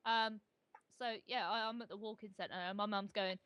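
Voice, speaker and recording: A woman telling a story casually over gameplay as a co-host. She is animated and self-mocking, and she often restarts her sentences. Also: mid-range voice, normal speed. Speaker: gaming channel co-host.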